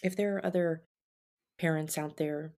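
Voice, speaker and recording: A woman hosting a podcast interview, asking gentle, validating questions. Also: low-pitched, fairly even intonation, moderate pace.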